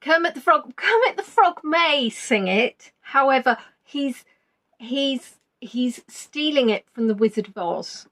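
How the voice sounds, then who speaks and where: Chatty high-voiced quiz host woman. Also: expressive, a little slow, a bit bright. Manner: chatty, teasing, repeats answers aloud. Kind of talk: live online quiz chat.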